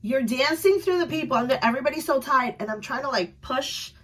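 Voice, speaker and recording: A young adult woman vlogger telling a story in a casual, chatty way, animated and quick to laugh. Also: high-pitched.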